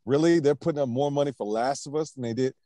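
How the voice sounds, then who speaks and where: A man's voice: medium pitch, quick pace, dark tone, dry recording, studio quality. A man hosting a casual pop-culture podcast. He is laid-back, laughs often, and keeps moving the show along to the next topic. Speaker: podcast host.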